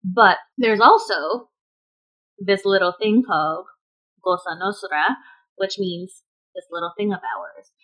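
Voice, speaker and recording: A woman's voice: mid-range voice, slow, a bit bright, low-quality recording. A woman co-hosting a podcast in casual chat, chatty and opinionated, laughing often. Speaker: podcast co-host.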